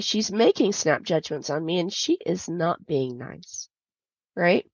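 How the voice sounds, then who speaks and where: A woman's voice: fairly low pitch, expressive, slow, no echo. A woman hosting a podcast, telling a personal story in a candid, confiding way with many fillers. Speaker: podcast host. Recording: dull lo-fi dry sound.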